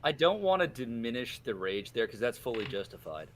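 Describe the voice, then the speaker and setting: A man in casual podcast chat, careful and measured. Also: medium pitch, very animated, a bit bright, a little hiss or hum.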